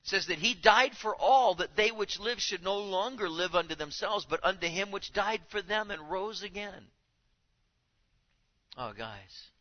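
Animated preaching man, lively pitch. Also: unhurried, lo-fi sound. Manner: animated preaching, acts out quoted voices. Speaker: pastor. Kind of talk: sermon.

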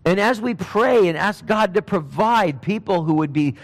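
Male preacher, higher voice, animated storyteller, reverberant hall sound. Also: moderate pace. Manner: animated storytelling, acting out Bible figures in casual speech. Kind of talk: sermon.

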